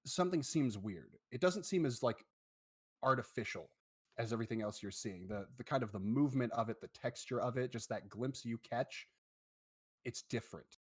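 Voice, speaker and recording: Male game master, mid pitch, loose descriptive narration of a tabletop game. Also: lively intonation, moderate pace, slightly rough.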